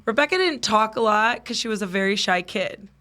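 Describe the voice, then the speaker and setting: A woman co-hosts a casual podcast, telling a story in a brisk, mid-range voice. She's an animated storyteller who acts out quotes and laughs often.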